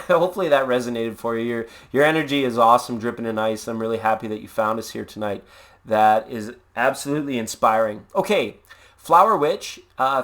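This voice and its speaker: A man's voice: medium pitch, a bit bright. Playful, rambling male tarot streamer. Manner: playful, jokey, rambling with puns; laid-back and upbeat. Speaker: tarot reader and live stream host. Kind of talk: casual live tarot reading.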